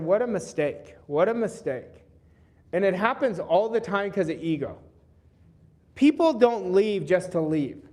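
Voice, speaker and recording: A man with a notably high voice addresses a seminar crowd from an event stage. He talks in an earnest coaching manner and repeats his key points for emphasis. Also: a little mellow. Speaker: business coach leading a live workshop. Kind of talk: motivational seminar talk.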